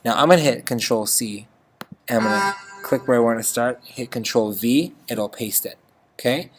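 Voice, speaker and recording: A chatty music teacher walking through a notation lesson on screen, forever asking "okay?" and humming bits of the tune. The voice sits at an ordinary middle pitch. Faint instrument playback sounds behind the talk. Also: moderate pace. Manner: chatty, checks in with frequent "okay?", sings notes.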